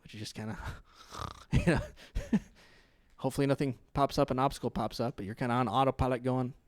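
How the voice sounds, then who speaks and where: A young adult man pastor preaching a sermon in a conversational, storytelling way, laughing often and growing loud and animated in his stories. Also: mid-range voice, brisk, dry recording, studio quality. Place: church.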